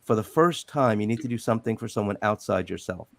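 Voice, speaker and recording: A middle-aged man retelling an old film story at length on a video call, rambling and animated, acting out quotes. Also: on the low side, quick pace, gravelly. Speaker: guest on a live panel. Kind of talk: casual storytelling on a group call.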